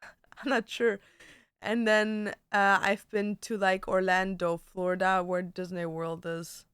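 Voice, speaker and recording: A woman's voice: mid-range voice, level tone, slow pace, a bit bright, smooth, dry recording, studio quality. A young woman chatting casually on a livestream, peppering her talk with "like" and swearing. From Germany. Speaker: streamer. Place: home.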